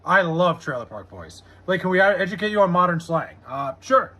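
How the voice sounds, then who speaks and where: A man streaming live from home, talking casually to his chat. His voice sits high and sounds bright and a little husky. He swears freely and vents about the game. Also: big pitch swings, a little fast. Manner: profane, frustrated, reads chat aloud. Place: home room with TV.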